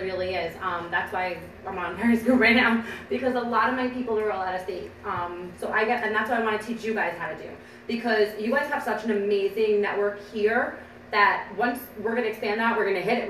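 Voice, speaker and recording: A woman's voice: medium pitch, a bit bright. A woman gives a casual, upbeat training talk to a small group, chatting and laughing often. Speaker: team trainer. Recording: echoey room from a distance, faint background noise.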